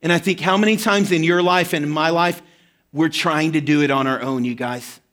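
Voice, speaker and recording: A man's voice: on the high side, fairly quick, fairly bright tone. A man preaching a sermon as pastor, telling a story earnestly and acting out quoted prayers.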